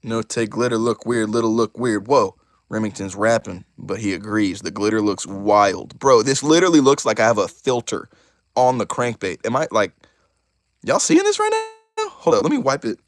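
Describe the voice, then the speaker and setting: A young man hosting a casual live stream, excitable and chatty, talking straight to his chat. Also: fairly low pitch, normal speed. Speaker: YouTuber host of a live stream.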